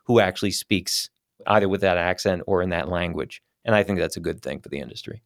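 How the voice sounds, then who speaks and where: A man who works as a voice actor, chatting in a relaxed, rambling way as an interview guest on a studio microphone. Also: deep voice, brisk, creaky, no room sound. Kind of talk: casual interview chat. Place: small studio.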